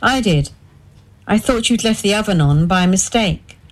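A woman voicing a defensive middle-aged husband who answers flatly and dismissively. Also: mid-range voice, a little slow.

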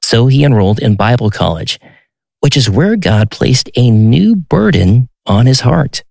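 Guy reading narration, gravelly voice, steady pace, dry sound. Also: medium pitch, unhurried, dry recording. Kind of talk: scripted narration.

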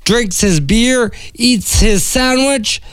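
A man, a radio co-host telling a long joke in an unhurried storytelling manner. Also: extremely high pitch, fairly bright tone, clean tone, no room sound, studio quality.

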